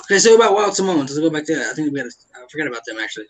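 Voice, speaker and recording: A man chatting casually as a podcast co-host, excitable and repeating himself as he tells a story. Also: a little high, very fast. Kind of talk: casual chat.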